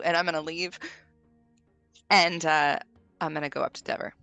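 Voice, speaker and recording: Woman, teasing player, forceful voice, dry sound. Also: low voice, steady tone, moderate pace, pauses often, no room sound, faint music behind. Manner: blunt, teasing. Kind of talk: casual tabletop game chat.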